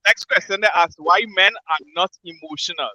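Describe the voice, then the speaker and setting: A man hosting a casual men's panel, brisk as he moves the talk along. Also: high voice, sharp tone. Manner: brisk, moderating. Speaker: host. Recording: dry, dull lo-fi sound.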